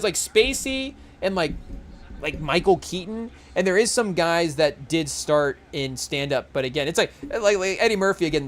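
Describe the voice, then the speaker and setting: A young man on his podcast, rambling casually through a live game, stacking fillers and breaking off to try quick celebrity impressions. His voice sits a little high for a man, with faint noise in the background. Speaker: podcast host.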